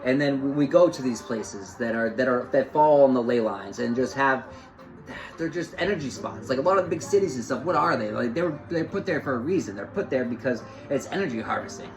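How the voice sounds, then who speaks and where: A man's voice: medium pitch, lively intonation, brisk, over music, poor audio. A man giving an off-the-cuff spiritual talk, rambling and repeating phrases with lots of fillers. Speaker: spiritual host.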